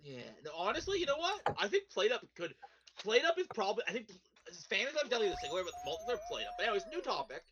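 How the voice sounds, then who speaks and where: A man with a high, bright voice hosts a relaxed livestream chat among friends. He talks fast, and his pitch swings widely as he steers the group from one question to the next. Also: dull audio, background noise. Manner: leads the talk, quick and animated. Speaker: host.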